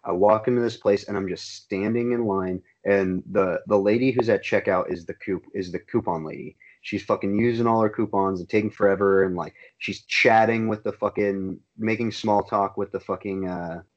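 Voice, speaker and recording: A man's voice: lowish voice, fairly even intonation, moderate pace, hardly any pauses, muffled recording. A young man casually ranting on a podcast, swearing constantly and laughing often. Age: young adult. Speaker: podcast co-host. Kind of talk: casual chat.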